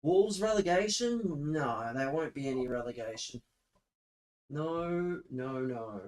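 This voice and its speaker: A man's voice: medium pitch, slow pace, rough recording. A young man streaming live, venting to his chat in a profane, sarcastic, exasperated way.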